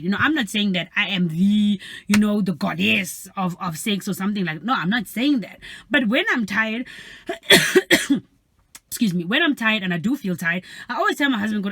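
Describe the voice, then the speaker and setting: A woman's voice: medium pitch, brisk, no room sound, studio quality. A young woman vlogging from her parked car, telling stories in a casual chat and acting out her friends' voices as she goes. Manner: animated storyteller, acts out friends' voices.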